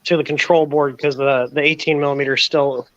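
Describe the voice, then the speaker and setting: A man dropping into a video-call chat from his phone, talking offhand and quickly while he works. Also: a little high, flat delivery, fairly bright tone, no room sound. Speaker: guest dropping into a hangout. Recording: dull dry phone mic.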